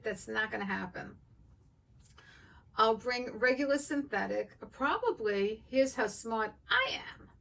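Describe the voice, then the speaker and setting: Older woman, wig vlogger, gravelly, chatty storyteller, slightly high voice, mic a little far. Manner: chatty, animated, acts out both sides of the story. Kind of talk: casual storytelling to viewers.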